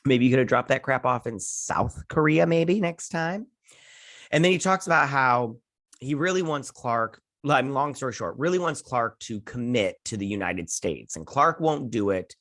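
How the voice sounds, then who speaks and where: A man talks through an episode recap in a loose, rambling way, jumping into characters' voices for quick quotes and tossing in the odd swear word. His voice sits in a middle pitch, and the recording is dry and close with no room sound. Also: lively intonation, a bit bright, no room sound. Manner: swears casually. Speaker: host. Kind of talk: casual recap and review.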